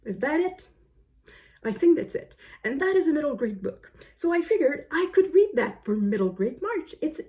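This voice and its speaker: Canadian woman hosting her book channel; loose, chatty delivery that wanders and corrects itself, with an average pitch. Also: mellow. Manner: rambling and self-correcting, with frequent fillers and quick asides. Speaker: book video host. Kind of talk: casual chatty vlog talk.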